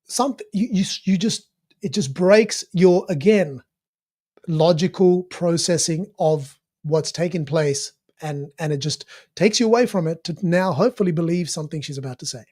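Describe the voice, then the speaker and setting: Man, high voice, animated casual commentary full of fillers and restarts, analysing a clip. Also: normal speed.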